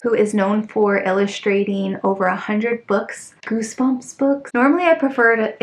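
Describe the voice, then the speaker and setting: A woman, chatting casually through an unboxing video, excitable and full of fillers. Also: mid-range voice. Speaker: vlogger.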